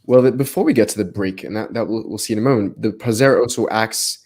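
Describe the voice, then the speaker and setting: A man's voice: on the low side, very fast, dark tone, breathy edge. A man co-hosting a live text study, talking with energy and restarting phrases as his ideas build. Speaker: co-host of a text study livestream. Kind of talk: animated live study discussion.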